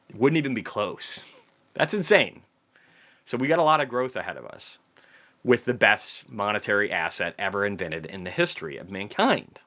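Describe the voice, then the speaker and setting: A man's voice: lowish voice, bright, forceful tone. A man hosting a market recap livestream, casually ranting with heavy profanity and reading viewer comments aloud. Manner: profane, ranting, heated outbursts.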